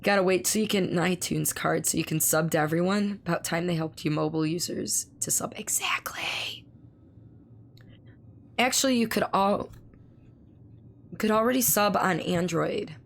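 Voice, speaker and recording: A woman streamer with a hoarse, gravelly voice worn down by laryngitis. She chats casually with her viewers and reads their messages aloud, keeping her pace slow and careful. Faint noise sits behind her. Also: lowish voice. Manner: speaks slowly and carefully to spare her voice. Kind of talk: casual live-stream chat.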